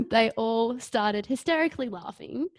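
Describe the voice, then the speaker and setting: A woman's voice: a little high, lively intonation, unhurried, darkish tone, dry recording. A young woman co-hosting a podcast, telling an embarrassing story in an easygoing, amused way. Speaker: podcast co-host. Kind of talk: casual chat.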